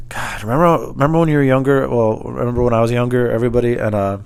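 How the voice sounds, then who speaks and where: A young man hosts a solo podcast alone in a room at home, talking fast in a gravelly voice. He rambles and meanders, pokes fun at himself, and puts on squeaky voices when quoting others.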